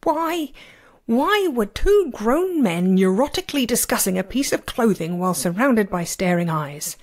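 A proud male immortal master, quick to scold and dripping with sarcasm, read by a woman. His voice is of middling pitch and stays indignant and lofty. It sounds like a fan audiobook reading. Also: animated, lightly acted. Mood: exasperated.

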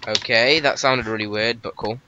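A man chatting over a game session in a bickering, mock-indignant tone, quick to argue and tease back. The recording is noisy, with keyboard clicks and typing audible behind him. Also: medium pitch, steady tone, muffled recording. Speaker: gaming channel host. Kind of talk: casual gameplay commentary.

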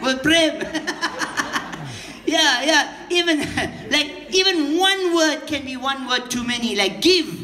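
Durban Indian man doing party stand-up. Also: extremely high pitch. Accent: South African Indian English, Durban. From South Africa. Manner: teasing crowd banter, laughing between jokes. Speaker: stand-up comedian. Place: party hall. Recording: echoey hall with loud noise.

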